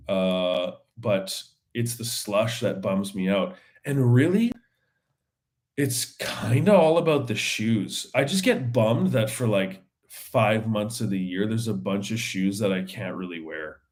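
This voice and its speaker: A man hosting his own podcast, chatting casually on his own in a rambling, slangy way with many fillers and restarts. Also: fairly low pitch. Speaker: podcast host. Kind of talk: casual solo chat.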